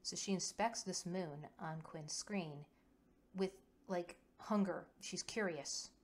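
A woman's voice: on the low side, takes it slowly. A woman narrating a tabletop game story in an earnest, detailed way.

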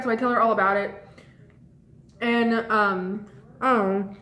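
A woman's voice: fairly high pitch, fairly even intonation, normal speed, fairly bright tone. A young woman telling a rambling first-date story to her viewers in casual chat, full of "like" and "um". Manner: chatty, rambling, lots of "like" and "um". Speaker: vlogger. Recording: echoey room.

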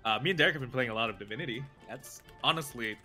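A man co-hosting a casual podcast, excitable and animated. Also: medium pitch, very fast, soft background music. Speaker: podcast co-host. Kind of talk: casual chat.

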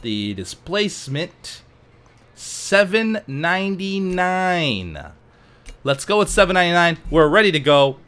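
A man's voice: on the high side, a little fast, hardly any pauses. Chatty man narrating his gameplay. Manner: chatty, jokey, sudden excited outbursts. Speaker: let's play host. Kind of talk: casual gameplay commentary.

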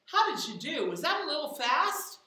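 Heard through an echoey room with a distant mic and heavy background noise, a woman with a high voice leads a remote music lesson for children at home. She is very animated yet keeps a moderate pace, patiently explaining things and counting out rhythm syllables.

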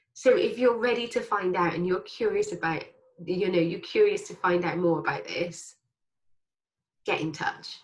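A woman life coach giving a frank, emphatic motivational talk, with casual swearing. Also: on the low side. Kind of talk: motivational monologue.

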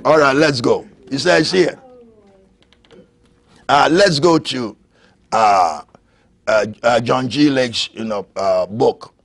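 A man preaching a sermon, swinging from shouted peaks to low murmurs and laughing often. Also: takes it slowly, gravelly, pauses often.

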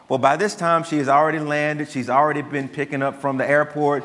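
A man, a pastor giving a sermon and telling a story in a relaxed, conversational way. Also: on the high side, fast, hardly any pauses. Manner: conversational storytelling, dry asides to the congregation. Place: church sanctuary. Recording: long church hall reverb.

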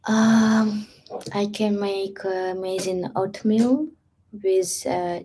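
A woman with a Russian accent chatting casually on a live stream as a stretching coach, in halting English with soft whispered asides. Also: mid-range voice, husky. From Ukraine.

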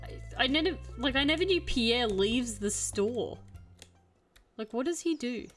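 Soft music plays behind this young woman as she streams a game and vents about an exasperating experience in casual chat. Her voice is high-ish and fairly bright, with lively intonation and a measured pace.

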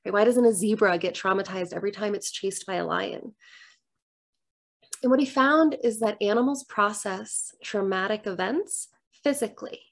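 A middle-aged woman who works as a divorce coach, talking candidly and gently to the camera from a room at home. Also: medium pitch, moderate pace, vocal fry. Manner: earnest, gentle, reflective.

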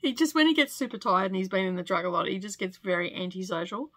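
An Australian woman in her forties chats away in a casual, rambling way, full of little fillers. Her voice is bright and forceful. The sound is close and dry, with no room echo. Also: mid-range voice, fast. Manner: chatty and rambling, many fillers, with little laughs. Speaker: sewing vlogger. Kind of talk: casual chat. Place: home sewing studio.

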